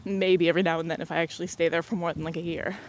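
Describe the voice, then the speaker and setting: Speaking in a mid-range voice with a flat delivery, a young adult podcast host races through a casual storytelling chat. They laugh frequently and perform quoted lines from others, over a faint hiss or hum.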